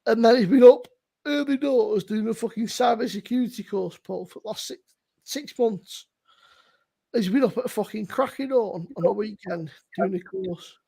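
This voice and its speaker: A woman co-hosting a live beer review stream, teasing her friends loudly with plenty of swearing. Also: fairly high pitch, moderate pace, gravelly, husky. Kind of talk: casual live-stream banter.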